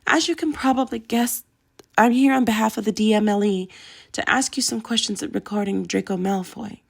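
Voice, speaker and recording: A woman's voice: fairly high pitch, normal speed, gravelly, voice pushed up. A woman voicing a nervous young female investigator who speaks formally but stumbles over her words. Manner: hesitant, stammering, formal.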